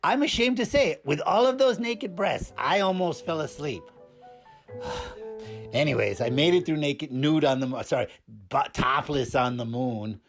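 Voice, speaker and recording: A man's voice: on the high side, animated, a little slow, vocal fry, faint music behind, exaggerated voice. A man voicing a cheeky, randy male puppet who reviews movies, rambling and stammering through his comedic review with constant filler words. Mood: bemused.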